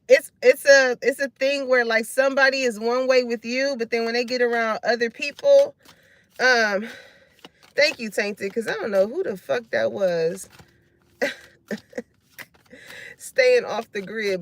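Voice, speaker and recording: A woman's voice: on the high side, a bit bright. Laughing, slangy woman giving a live reading. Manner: loose, slangy and frank, laughing often, cussing freely. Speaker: tarot reader. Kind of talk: live reading chatting with viewers.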